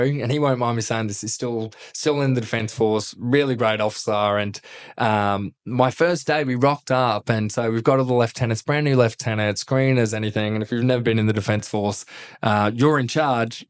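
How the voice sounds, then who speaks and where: Aussie bloke spinning army yarns on a podcast, swears a lot, laughs along, middle-pitched voice. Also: male voice. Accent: Australian. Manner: swears freely and laughs through his stories. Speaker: podcast guest, former army officer. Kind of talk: casual storytelling chat.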